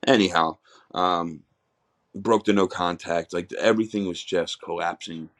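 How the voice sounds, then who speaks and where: A man's voice: sits low, steady tone, measured pace, a bit bright. A middle-aged man, a podcast guest, candidly telling his life story in a raw, rambling way with many restarts.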